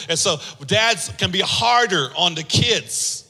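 A man's voice: high-pitched, expressive, unhurried, few pauses, sharp tone, husky. A man preaching a sermon with impassioned, sung-out lines, acting out voices in his stories. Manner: acts out voices in anecdotes. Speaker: pastor. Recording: long hall reverb.

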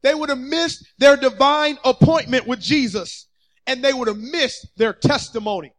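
A fervent male preacher delivering a sermon from a church stage. His voice sits very high for a man, and he swings from quiet asides up to full shouts while acting out the people in his story. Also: moderate pace, rough recording. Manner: fervent, builds to shouting, acts out quotes.

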